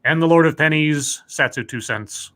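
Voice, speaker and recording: A man hosts a casual online talk show, greeting listeners and keeping the banter upbeat and animated. His voice is on the high side, at a normal speed.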